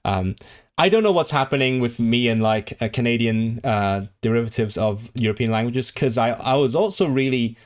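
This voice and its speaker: A man hosting a relaxed livestream, talking straight into a desk mic. His voice sits in a middle pitch, and he rambles, trips over his own restarts and fillers, and reads chat messages aloud. He sounds keen and animated when the talk turns to languages he likes. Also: moderate pace. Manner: enthusiastic about languages. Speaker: language streamer.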